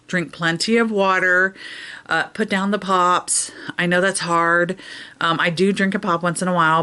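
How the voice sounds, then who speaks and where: A woman's voice: medium pitch, a bit bright. Chatty woman vlogger telling stories. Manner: chatty, storytelling, acts out quoted voices. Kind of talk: casual chat to camera.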